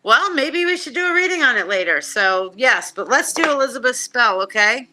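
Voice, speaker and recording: A woman's voice: on the high side, normal speed, background noise. A woman hosting a live psychic stream, chatting loosely and joking while she reads viewer comments. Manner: hyped, animated, joking, reading chat comments aloud. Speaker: psychic show host. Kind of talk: live-stream casual chat.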